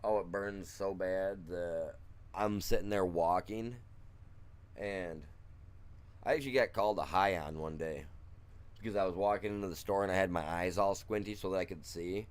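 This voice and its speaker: A man with a lowish voice talks loosely into a desk mic while he streams from his room. He rambles, loses his thread, restarts and chuckles between thoughts. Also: moderate pace. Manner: chatty, trails off and restarts, chuckles. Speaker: gaming streamer. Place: room at home with blacked-out windows.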